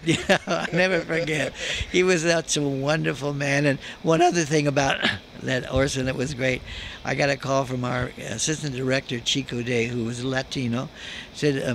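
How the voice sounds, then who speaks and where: Gravelly older man telling stories. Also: medium pitch, fairly even intonation, moderate pace, a bit bright, slight background noise. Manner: chuckling storyteller. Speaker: guest actor. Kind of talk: anecdotal interview talk. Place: convention floor.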